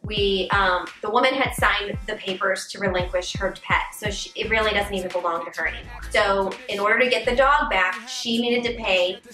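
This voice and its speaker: A middle-aged woman, the vlogger's mother, telling a story in animated, casual chat. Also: mid-range voice, brisk, hardly any pauses, roomy sound, distant mic, faint music behind.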